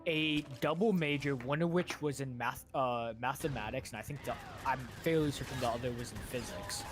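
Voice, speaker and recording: Rambling man chatting over game music. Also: medium pitch. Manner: rambling, halting with fillers and restarts. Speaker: streamer, former soldier. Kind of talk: casual chat while gaming.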